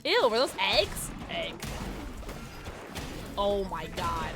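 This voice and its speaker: A young woman streaming a game, chatting casually with her viewers and reading chat aloud, bubbly and quick to laugh. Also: medium pitch, huge pitch swings, over music. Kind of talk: casual gaming livestream chat.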